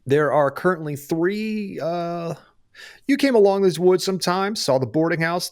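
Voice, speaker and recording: A man narrating as game master, in a playful, dramatic storytelling manner. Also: a little high.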